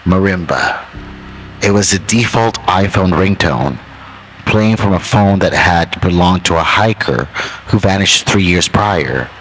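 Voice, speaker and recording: A man narrating a horror story in a measured, ominous way, drawing out key phrases. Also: deep voice, animated, a bit bright, a little hiss or hum, low-quality recording.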